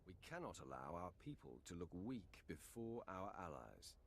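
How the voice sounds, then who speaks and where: A gravelly, commanding Sith lord. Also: male voice, very animated, moderate pace, a little hiss or hum, heavily acted. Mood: cold. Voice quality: deep gravelly voice. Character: stern male Sith lord, cold and proud.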